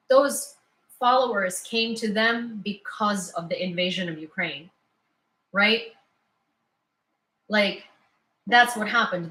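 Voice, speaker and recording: A woman's voice: medium pitch, fairly bright tone, a little hiss or hum. Opinionated woman news host, echoey room. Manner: opinionated, sarcastic, laughs often. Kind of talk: casual live news commentary.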